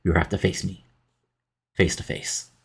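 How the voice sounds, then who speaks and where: A man's voice: low voice, flat delivery, measured pace, slightly rough, full character voice. A man reading the lines of a menacing, possessive male wrestler who leads a cult-like group, delivered plainly like a script.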